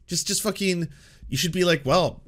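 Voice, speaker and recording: A man's voice: medium pitch, very animated, moderate pace. A man hosting a commentary show, reacting to clips in a sarcastic, mocking and profane way.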